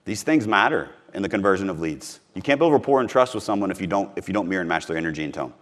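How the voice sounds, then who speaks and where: A man's voice: low-pitched, animated, racing. A man from Missouri giving a live sales training talk to a room, emphatic and repeating his key points.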